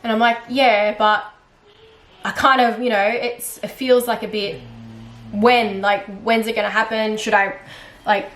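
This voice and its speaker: A woman's voice: fairly high pitch, flat delivery, unhurried, a bit bright. A woman vlogging a casual storytime monologue, chatty and frustrated, with lots of fillers and restarts. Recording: roomy echo.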